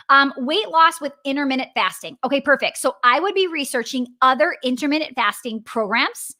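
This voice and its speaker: A woman's voice: high voice, bright, forceful tone. A woman with a Wisconsin accent, hosting a live business coaching session and answering viewers in a chatty, upbeat way, often checking in with "right?" and "okay?".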